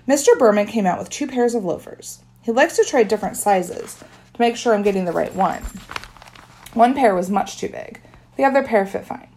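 A woman's voice: medium pitch, expressive, moderate pace, darkish tone, slight background noise. A woman narrating a children's story in first person with a wry tone. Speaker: audiobook narrator.

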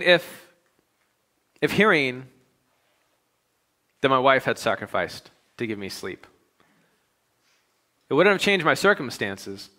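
A man preaching a sermon in a bright, forceful voice at an ordinary pitch. He stacks repeated phrases with mounting emphasis, then falls back into low, confiding asides to his congregation. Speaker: pastor.

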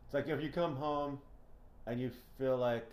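A young man chats and vents with loose, profane energy, jumping into acted-out quotes. His voice sits at an ordinary pitch. The room around him rings noticeably, like a house recording. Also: normal speed, reverberant. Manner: swears a lot, rants with animated quoting. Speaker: podcast co-host. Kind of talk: casual profane chat.

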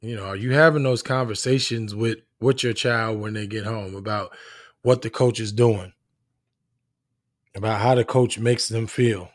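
A man's voice: fairly low pitch, fairly even intonation, moderate pace, dry recording, clean studio sound. A middle-aged man, a parent of young athletes, talking earnestly in a casual monologue, rambling and restarting his sentences.

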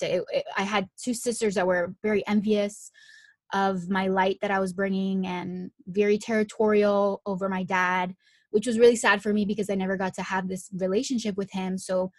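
A woman's voice: medium pitch, no room sound, studio quality. A young woman from Miami, an actress, tells an emotional personal story in a chatty way full of "like" and restarts. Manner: animated when retelling, rising excitement. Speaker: guest, actress.

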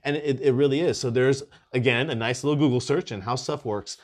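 Here a man with a medium-pitched voice talks fairly quickly while hosting a podcast. His casual chat turns into lively storytelling laced with frequent profanity.

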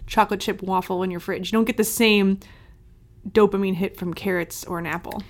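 A woman co-hosting a podcast, chatting casually with playful, animated storytelling. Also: medium pitch, brisk. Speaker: podcast co-host.

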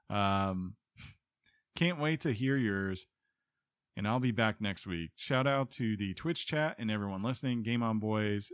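A man's voice: fairly low pitch, a little slow, smooth, no room sound, studio quality. A man hosting a podcast in casual chat, joking and rambling with a self-mocking streak. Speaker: podcast host.

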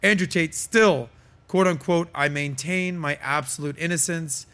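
Male podcast host, emphatic, filler-heavy, slightly high voice. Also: unhurried, sharp tone. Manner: emphatic, quoting and reading aloud, many fillers. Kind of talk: casual opinionated commentary.

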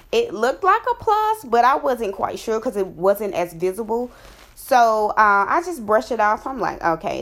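A young woman talks straight to her viewers in a loose, chatty storytelling voice and calls them y'all. She speaks with heartfelt feeling and brings her faith into the story. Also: mid-range voice. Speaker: vlogger. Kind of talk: casual storytelling.

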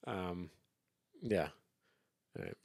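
A man co-hosting a casual music chat, talking in rambling, halting runs with many fillers and restarts. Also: low-pitched, lively intonation, vocal fry, darkish tone, no echo, clean studio sound. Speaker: podcast co-host.

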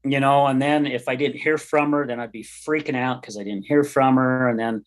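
A man of middle pitch tells his own story in an interview, earnest and rambling. He acts out the back-and-forth of old conversations as he goes. His pitch sits in an average range for a man. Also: fairly even intonation, normal speed. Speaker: podcast host and guest.

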